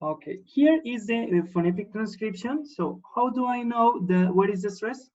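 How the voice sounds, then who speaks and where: A man teaching an English class online, explaining slowly and checking in with his students after nearly every sentence. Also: high-pitched, lively intonation, darkish tone, dull audio. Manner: patient, repeats words and checks in with "yes?".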